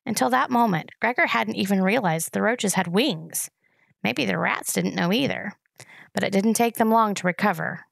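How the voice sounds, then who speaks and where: Woman, reading a novel aloud, steady storytelling, gravelly, dry. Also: medium pitch, dry recording. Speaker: reader.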